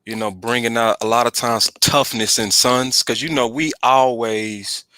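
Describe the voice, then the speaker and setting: A man's voice: medium pitch, fairly even intonation, measured pace, sharp tone, no echo. A man hosting a casual sports podcast chat, talking emphatically and repeating his points for stress. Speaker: podcast host.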